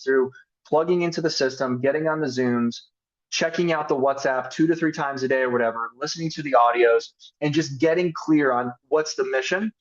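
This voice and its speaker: A man with a slightly raised pitch speaks in a casual, energetic coaching style, acting out little sample conversations to show how to ask for business. The sound is dull and a bit lo-fi. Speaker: network marketing team leader. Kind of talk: motivational sales coaching talk.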